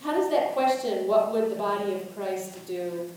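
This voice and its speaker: A woman's voice: medium pitch, lively intonation, normal speed, darkish tone, a little hiss or hum. A woman pastor giving a sermon, asking reflective questions and reading scripture aloud. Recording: echoey room, voice from a distance.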